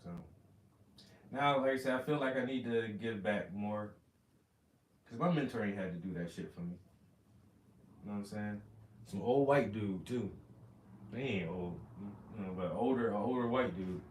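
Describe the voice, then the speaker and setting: Male painter host, loose animated storyteller with profanity; recorded in a room with some reverb, mic at a distance. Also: lowish voice, moderate pace, long pauses. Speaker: oil painter hosting a livestream. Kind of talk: casual chat while painting.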